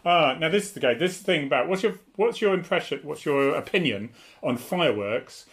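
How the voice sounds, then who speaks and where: A man from England co-hosting a relaxed chat, who laughs easily and now and then slips into put-on accents. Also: on the high side, fairly quick. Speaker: co-host. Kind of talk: casual live-stream chat.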